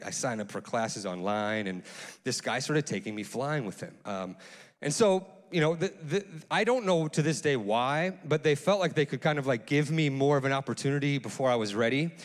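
A man preaching a sermon as pastor, telling a story in a casual, animated way, full of restarts and fillers. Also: medium pitch, a little fast. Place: church sanctuary. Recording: long church hall reverb.

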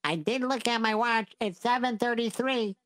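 A woman's voice: fairly high pitch, normal speed, no room sound. A woman chatting with a storyteller, asking questions and interrupting playfully.

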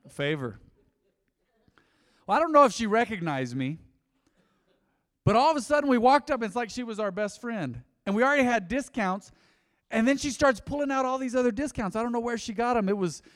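A man preaching a sermon as pastor, telling stories with lively swings between loud and soft delivery. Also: extremely high pitch, normal speed, pauses often, in a large hall.

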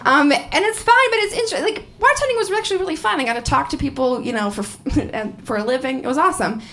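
A woman in her thirties doing a stand-up comedy set on stage, profane and animated, laughing through her punchlines. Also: high voice, quick pace, soft background music. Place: comedy venue with a live audience.

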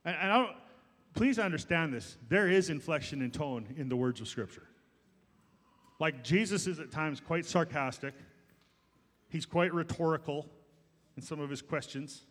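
A man's voice: a little high, moderate pace, long pauses, fairly bright tone, in a large hall. A male pastor preaching a sermon in a church, emphatic and rhetorical, stretching out the words he stresses. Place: church sanctuary.

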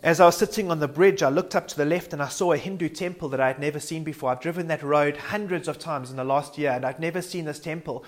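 A man delivers a sermon with earnest conviction. His voice sits a little higher than most men's. He reflects aloud as he speaks and sometimes stumbles and restarts a word. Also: quick pace, few pauses. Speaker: preacher.

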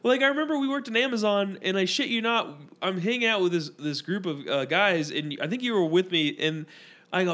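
A young man with a fairly high voice, chatting on a podcast and spinning loose stories. He rambles and slips into other people's voices as he tells them. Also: expressive, fairly quick, a bit bright. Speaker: podcast co-host. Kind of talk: casual storytelling chat.

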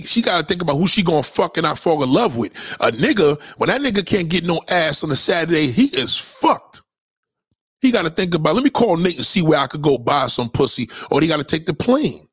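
A man hosting a podcast, ranting in profane commentary, loud and preachy, repeating himself. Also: a little high, breathy edge, no room sound, clean studio sound.

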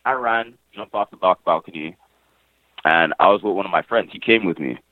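A young man from Montreal speaks in casual, emphatic slang, repeating phrases for weight and swearing now and then. His voice sits a bit low. It comes through a thin, phone-like line with no room sound. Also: moderate pace, no room sound. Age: young adult. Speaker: interviewee, nephew of the deceased. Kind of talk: casual, heartfelt storytelling.

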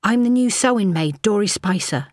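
A meek young maid with a light, high voice, as a woman reader puts her on in a storybook. She is polite and tentative, recorded dry and close. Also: lively intonation, moderate pace, no echo, close to an everyday voice. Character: timid young woman, a new sewing maid.

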